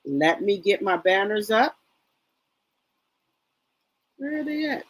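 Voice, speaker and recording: A woman's voice: mid-range voice, sing-song, slow pace, low-quality recording. Chatty woman hosting a live chat. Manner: chatty, greets viewers by name, trails off with fillers. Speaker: livestream host. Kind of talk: casual live chat reading viewer comments.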